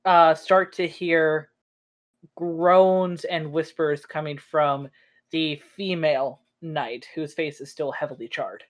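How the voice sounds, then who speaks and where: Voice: medium pitch, fairly even intonation, takes it slowly. A game master narrating a tabletop game in a rambling way, full of fillers.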